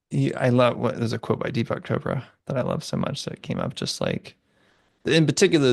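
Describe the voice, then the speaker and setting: A man's voice: mid-range voice, creaky, dry recording, clean studio sound. A man speaking as a podcast guest in casual conversation, rambling and acting out little bits of dialogue. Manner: rambling, acts out voices of friends.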